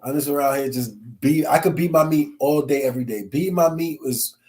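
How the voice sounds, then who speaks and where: A man's voice: fairly high pitch, fairly quick, darkish tone. A man hosting a casual podcast, joking around with loose, profane banter. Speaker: podcast host. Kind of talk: casual chat.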